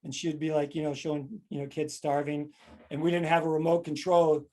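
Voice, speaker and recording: A man hosting a loose, comedic podcast chat, playful and quick to act out remembered sayings. He grew up in Kentucky and talks with a somewhat high voice. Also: little pitch movement, dark tone. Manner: playful, jokey, acts out quotes. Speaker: podcast host.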